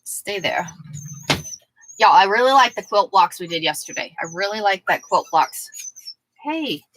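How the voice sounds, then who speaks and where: A woman's voice: mid-range voice, normal speed, fairly bright tone, a little hiss or hum, rough recording. A woman hosting a casual sewing livestream, chatting with viewers by name and talking to her dog between steps.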